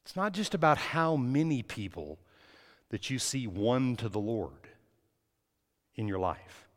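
A man preaching a sermon as pastor, swinging between soft words and loud, impassioned stretches. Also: mid-range voice, big pitch swings, a little slow, in a large hall. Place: church.

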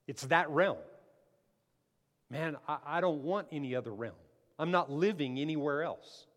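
A pastor preaching a sermon, emphatic and repeating phrases, calling the congregation to answer amen. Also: male voice, a little high, normal speed, long pauses, a bit bright. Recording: long hall reverb.

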